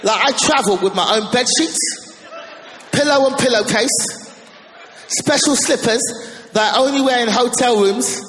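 A woman doing stand-up, brisk and self-mocking as she confesses her quirks. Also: a little high, fairly bright tone. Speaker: stand-up comedian. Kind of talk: stand-up routine. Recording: long reverb of a large hall, faint noise.

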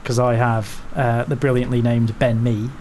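A man hosting a casual football podcast, rambling with jokes and quick asides. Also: medium pitch, level tone, a little mellow, slight background noise. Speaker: podcast host.

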